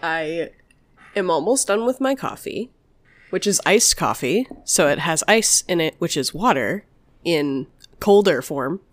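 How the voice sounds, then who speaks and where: A young woman co-hosting a podcast chats in a relaxed, slangy way and laughs easily. Her voice sits slightly low and moves around a lot. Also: unhurried. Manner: laid-back, slangy, laughs often. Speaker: podcast co-host. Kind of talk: casual chat.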